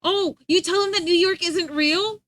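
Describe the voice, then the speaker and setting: A woman's voice: extremely high pitch, unhurried, a bit bright, no echo. A young woman streaming live, chatting casually with her viewers, giggling and rambling as she reads the chat.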